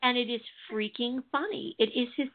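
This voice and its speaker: A woman's voice: on the high side, moderate pace. A woman from the Chicago area chatting casually as a TV review panelist, rambling with frequent restarts. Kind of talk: casual chat. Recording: tinny phone-like line.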